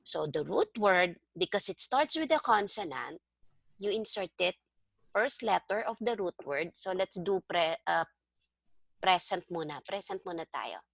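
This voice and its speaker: Woman, patient tutor, slightly low pitch, dry close sound. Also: animated, a little slow, vocal fry, fairly bright tone, no echo. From Philippines. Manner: patient, explains step by step, prompts the student. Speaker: language tutor. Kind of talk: one-on-one online lesson. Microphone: video call.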